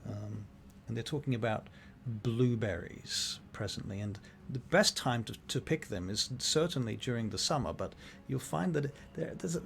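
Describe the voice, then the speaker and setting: A man's voice: mid-range voice, creaky. A man narrating as game master of a tabletop game, hesitant and thoughtful. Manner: thoughtful narration with many fillers and restarts.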